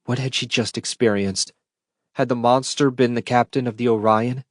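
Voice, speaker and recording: A man narrating a science fiction audiobook in a steady, measured read into a close mic. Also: medium pitch, no echo. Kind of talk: scripted narration.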